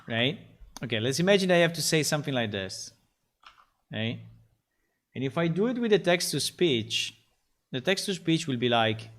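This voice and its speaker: A man who is a game developer, chatting casually on a livestream while he codes, halting and repeating himself with many fillers. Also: on the high side, big pitch swings, fairly bright tone.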